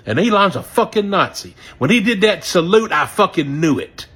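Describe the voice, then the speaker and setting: Angry husky man ranting. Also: animated, normal speed. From Southern US, near Memphis. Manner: heated, profane, drawling, swings loud and low. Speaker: regretful voter. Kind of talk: angry direct-to-camera rant.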